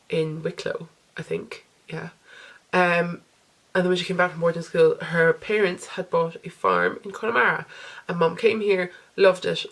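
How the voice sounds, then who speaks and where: Irish woman in her twenties, lower voice, chatty, rambling home Q&A. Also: vocal fry. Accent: Irish, with a posh English tinge. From Ireland. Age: 20s. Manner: chatty, rambling, laughs often. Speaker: vlogger. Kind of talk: casual Q&A chat. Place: home, indoors.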